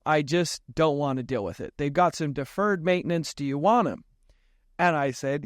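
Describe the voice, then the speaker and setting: A man guesting on a podcast, spinning an animated story and acting out the dialogue as he goes. His voice sits a little high, and he laughs often. The sound is dry and close to the mic. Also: normal speed, no echo. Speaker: podcast guest, real estate investor. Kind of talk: casual storytelling interview.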